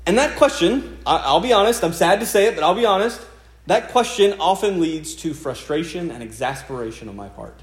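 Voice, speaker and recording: A man's voice: high voice, lively intonation, a little fast. A male pastor preaching a sermon in an earnest, conversational way, often repeating key phrases. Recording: echoey room sound.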